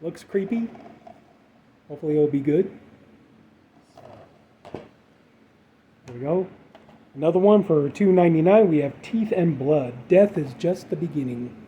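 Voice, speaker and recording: Showing off a horror movie haul, this collector speaks in a fairly high voice at a measured pace, leaving long pauses. He chats casually and rambles, leaning heavily on fillers. His recording sounds dull and lo-fi, with a little background noise.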